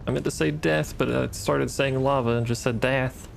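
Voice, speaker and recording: A man's voice: mid-range voice, fairly even intonation, normal speed, gravelly, slight background noise. A man giving casual gameplay commentary, wry and profane, talking back to the enemies on screen. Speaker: gaming streamer.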